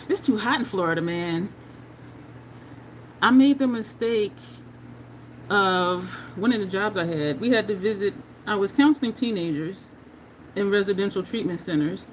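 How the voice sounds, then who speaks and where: A woman of medium pitch speaks at normal speed with lively intonation, and a faint hiss or hum runs under the audio. She's from New Jersey, carries a New Jersey and New York accent, and laughs frequently as she does her makeup and talks casually with livestream viewers.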